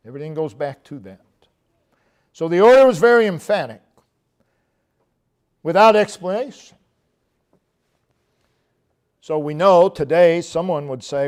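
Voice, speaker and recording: Slow, high-voiced emphatic male preacher. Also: sing-song, darkish tone. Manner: emphatic, slow and deliberate preaching with rising, pleading outbursts. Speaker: pastor. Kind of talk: sermon. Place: church.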